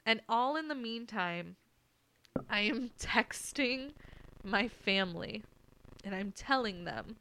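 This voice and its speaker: Animated young woman telling a story. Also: mid-range voice, unhurried, dry recording. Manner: animated, laughing, swears freely. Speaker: podcast host. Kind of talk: casual personal storytelling.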